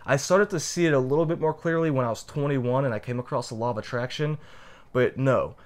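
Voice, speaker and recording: A young adult man sharing a personal story as a podcast co-host, reflective and heartfelt, slowing down to stress key points. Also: mid-range voice.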